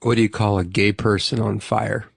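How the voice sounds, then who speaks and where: A man co-hosting a podcast, telling dark jokes in casual chat with slow, drawn-out setups. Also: vocal fry, husky, no room sound, clean studio sound. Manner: slow, drawn-out setups with lively pitch swings. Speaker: podcast co-host.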